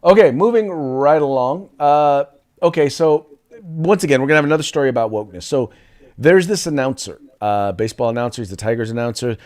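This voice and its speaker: A man's voice: medium pitch, lively intonation, a little fast, darkish tone. A man hosting a political talk show, giving short sarcastic agreements and telling stories loosely with many fillers. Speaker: host.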